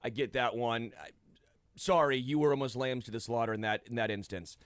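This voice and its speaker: A man's voice: medium pitch, fairly even intonation, fairly quick, a bit bright, no echo, clean studio sound. A man co-hosting a sports radio show, breaking down golf in a wry, analytical way. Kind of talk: casual sports radio chat.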